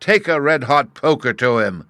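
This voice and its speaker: A man's voice: mid-range voice, lively intonation, normal speed, a bit bright, no echo, studio quality, voice pushed up, natural voice. A man voicing a silly, greedy noblewoman who gushes eagerly over schemes and jewels. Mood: gushing. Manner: gushing, eager, emphatic.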